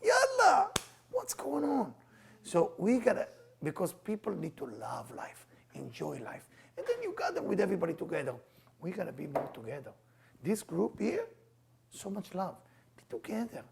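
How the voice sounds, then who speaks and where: A middle-aged man teaching a group, telling stories in an animated way and acting out the lines of the people in them. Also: fairly high pitch, normal speed, gravelly, slight background noise. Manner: animated, acts out quoted dialogue. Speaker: Kabbalah teacher. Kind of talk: storytelling talk to a group.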